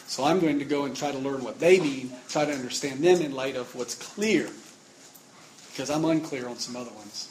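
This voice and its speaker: A man preaching a sermon, emphatic, getting louder on repeated words. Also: mid-range voice, moderate pace, a little hiss or hum, low-quality recording.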